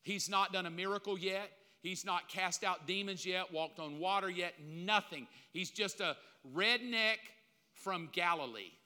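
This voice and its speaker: A man's voice: sits high, unhurried, bright, forceful tone, clear, resonant tone. A man preaching a sermon, emphatic and repetitive, with casual slang mixed in. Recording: long reverb of a large hall.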